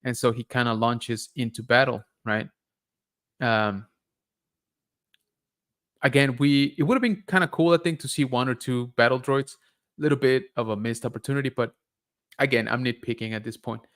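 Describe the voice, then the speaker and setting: A man's voice: mid-range voice, normal speed, long pauses, fairly bright tone. A young man hosting a casual live-stream show breakdown, talking in a rambling, enthusiastic way with many fillers. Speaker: host.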